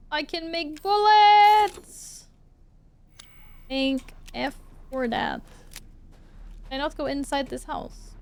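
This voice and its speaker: High-voiced woman streaming a game. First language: Swedish. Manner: swears and exclaims loudly at the game, chats with viewers. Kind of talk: live gameplay commentary.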